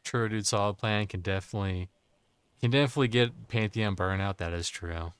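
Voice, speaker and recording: A man's voice: on the low side, brisk, smooth, no echo. A man streaming a game live, chatting crudely and jokingly with his chat while a bit drunk. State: tipsy.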